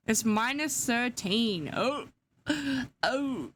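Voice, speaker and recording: A woman's voice: medium pitch, lively intonation, takes it slowly, pauses often, fairly bright tone, slight background noise. A young woman chatting casually to her live-stream chat, sleepy, giggly and yawning. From Australia.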